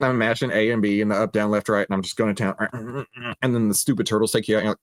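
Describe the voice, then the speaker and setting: A man hosting a casual livestream, talking in an animated, digressive way and often interrupting himself. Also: on the low side, rapid-fire, dry recording, studio quality. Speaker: host.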